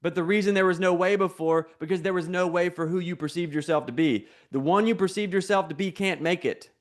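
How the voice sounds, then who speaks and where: A man preaching a sermon in a lively, conversational way, leading the listeners in call-and-response and repeating key phrases. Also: high voice, fairly quick.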